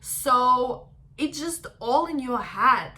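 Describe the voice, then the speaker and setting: Bright-voiced woman vlogger. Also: high-pitched, expressive, takes it slowly. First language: not English. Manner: chatty, earnest, acts out quotes of others. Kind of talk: casual advice vlog.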